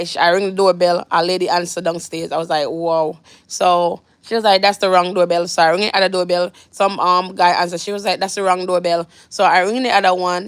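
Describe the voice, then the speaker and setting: A woman's voice: fairly low pitch, creaky, dry recording. A young Jamaican woman vlogger telling a storytime, rambling with many restarts and fillers. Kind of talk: storytime vlog.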